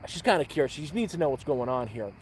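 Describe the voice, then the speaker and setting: A man telling a dirty joke on a livestream at an outdoor campfire, rambling and repeating words, with loud sound effects. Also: medium pitch, big pitch swings, fast, a little hiss or hum. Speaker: livestream host.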